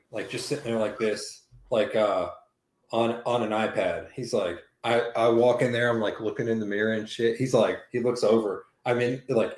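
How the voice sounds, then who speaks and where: Man, casual storytelling, profane, rambling, mid-pitched voice, echoey room. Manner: profane, rambling, animated retelling with quoted dialogue. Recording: roomy echo.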